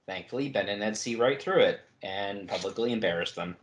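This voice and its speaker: A man's voice: lowish voice, a little fast, roomy sound. A man co-hosting a casual book podcast, recapping chapter events with wry asides. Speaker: podcast co-host.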